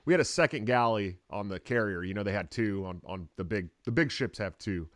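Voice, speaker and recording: A man's voice: on the low side, expressive, brisk, a bit bright, no room sound, clean studio sound. A man talking as a podcast guest, telling rambling, profane, laid-back stories. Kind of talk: casual chat.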